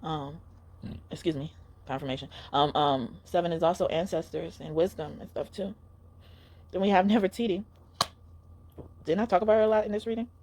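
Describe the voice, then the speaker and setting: A woman's voice: lowish voice, a little fast, pauses often, a little mellow. A young woman giving a casual spiritual card reading, talking in an earnest, emotional, pleading way.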